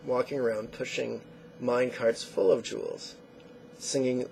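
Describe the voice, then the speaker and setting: Man, meditation teacher, gravelly, animated storyteller. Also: mid-range voice, a little slow, pauses often, a little hiss or hum. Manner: animated storyteller acting out quotes. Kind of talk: spoken meditation lesson.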